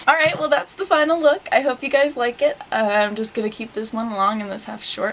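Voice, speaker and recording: A young woman talking excitedly to her camera at home, gasping and often dropping to a whisper. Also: on the high side, a little fast, hardly any pauses, a little hiss or hum. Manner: excited and breathless, gasps and often whispers to herself. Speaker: vlogger. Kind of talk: casual vlog monologue.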